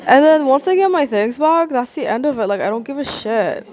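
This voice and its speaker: A woman's voice: sits high, expressive, fairly quick, darkish tone. Rambling, sarcastic woman vlogger. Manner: rambling and sarcastic, heavy use of "like", swears. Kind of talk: casual monologue to camera.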